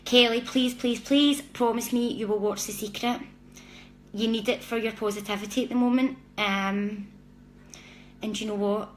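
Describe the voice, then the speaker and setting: A woman's voice: fairly high pitch, steady tone, normal speed, slight background noise. A woman hosting a live-stream psychic reading, talking chattily and apologetically straight to her viewers. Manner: chatty, warm-hearted, apologetic, speaks directly to viewers. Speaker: psychic reader.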